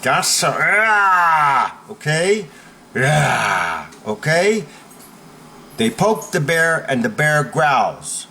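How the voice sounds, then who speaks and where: Emphatic slow-talking male coach. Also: a little high, sing-song, a little hiss or hum. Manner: emphatic, repeats "okay?" to check in; forceful, blunt instruction. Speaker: self-defense coach. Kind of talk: motivational coaching talk.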